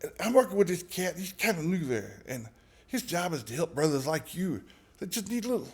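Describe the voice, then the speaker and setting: A man's voice: a little high, big pitch swings, a little fast, a little mellow, slightly rough, pitched above the performer's own voice, full character voice. A man putting on a slick, persuasive buddy. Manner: persuasive, street slang. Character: smooth-talking male social worker friend.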